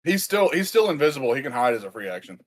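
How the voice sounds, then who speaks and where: A man's voice: medium pitch, very animated, quick pace. A man playing in a tabletop game, arguing the rules with the game master. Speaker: player.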